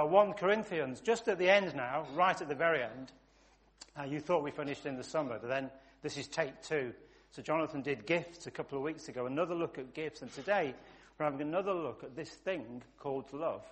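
A man delivers a sermon in an easy, conversational way, piling up points in long repeated lists. His voice sits somewhat high for a man. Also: a bit bright. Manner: conversational, builds lists with emphatic repetition. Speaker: preacher.

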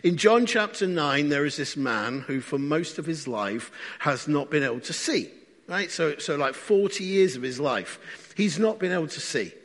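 A man's voice: on the high side, lively intonation, normal speed, fairly bright tone. Conversational male preacher in a reverberant hall. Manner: conversational, asks the congregation questions. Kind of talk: sermon.

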